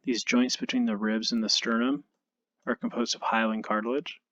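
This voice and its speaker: A male anatomy instructor giving a recorded lecture over slides, relaxed and self-deprecating, thinking aloud with frequent ums. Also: mid-range voice, normal speed, no echo, lo-fi sound. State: tired, yawning.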